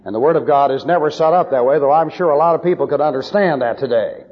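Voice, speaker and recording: A man's voice: fairly high pitch, fast, big-room sound, highs cut off. A male preacher giving emphatic, lecture-style Bible teaching with numbered points.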